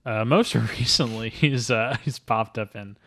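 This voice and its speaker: A man's voice: fairly low pitch, measured pace. A man hosting a casual movie podcast, joking and talking animatedly with his co-host. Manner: animated, jokey, slips into silly voices.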